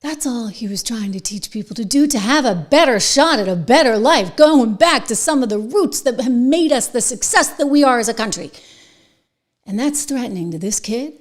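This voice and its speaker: Brief: middle-aged female host, impassioned commentary, slightly high-pitched, alternates shouting and whispering. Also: lively intonation, moderate pace. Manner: indignant, swings between loud outbursts and hushed whispers.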